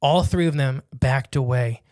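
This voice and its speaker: A man's voice: mid-range voice, darkish tone, no echo, studio quality. Man reading a listener's story aloud. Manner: reads quickly with asides and jokes. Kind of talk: casual podcast chat, reading a submission aloud.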